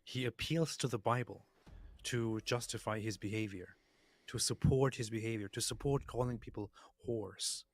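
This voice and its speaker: A man's voice: lowish voice, moderate pace, faint music behind. A man co-hosting, commenting earnestly and incredulously on clips. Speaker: co-host. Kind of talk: casual chat.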